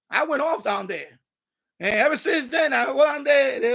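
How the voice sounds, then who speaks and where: A man's voice: extremely high pitch, animated, normal speed, vocal fry, fairly bright tone. A middle-aged man, ranting bluntly and profanely as he tells a story on his livestream. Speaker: livestream host. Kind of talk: casual ranting monologue.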